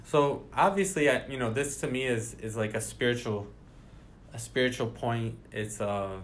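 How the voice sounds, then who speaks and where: A man's voice: medium pitch, normal speed, a little hiss or hum. Man reading and explaining scripture. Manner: reads scripture aloud then explains it conversationally. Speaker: Bible study leader. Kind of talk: casual Bible study discussion.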